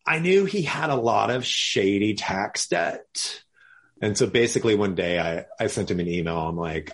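A man's voice: lowish voice, moderate pace, slightly rough. A man, a guest entrepreneur, telling a story in an interview and acting out the people in it. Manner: lively, acts out the people in his story.

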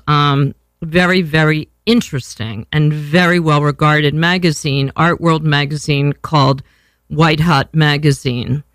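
A woman's voice: low voice, no echo. Rambling, salty older woman host. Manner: rambling, profane, self-deprecating. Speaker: podcast host. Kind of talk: casual chat.

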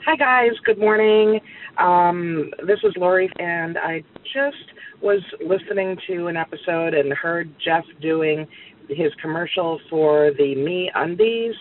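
A woman's voice: on the low side, takes it slowly, slight background noise. A woman caller leaving a cheerful, chatty voicemail for a podcast. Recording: tinny, distant phone line.

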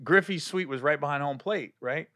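A man telling stories in a casual chat, animated and laughing, acting out other people's voices. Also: on the high side, moderate pace, no room sound, clean studio sound. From Cincinnati area. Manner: animated, acts out quoted voices, swears, laughs often.

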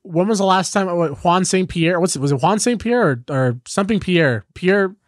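A man's voice: high voice, lively intonation, moderate pace, dry recording, studio quality. A man co-hosting a casual sports podcast, rambling and fumbling for names as he talks. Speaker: podcast co-host.

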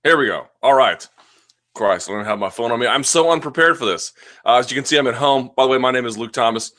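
A man's voice: medium pitch, fast, a bit bright. A man hosting a casual live chat from home, rambling, self-deprecating and often restarting his sentences. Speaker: host of a live chat show. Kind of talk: casual live-stream chat answering viewer questions.

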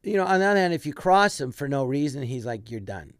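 A man's voice: fairly high pitch, lively intonation, fast talker, clean tone, no echo, clean studio sound. A man telling a rambling comic anecdote as a guest, with frequent restarts. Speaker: guest comedian. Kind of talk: casual storytelling.

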